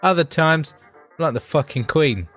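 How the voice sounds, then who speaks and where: A man from England co-hosting a casual gaming podcast, teasing in a relaxed, playful way. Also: on the high side, normal speed, faint music behind. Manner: playful, laid-back teasing. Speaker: podcast co-host.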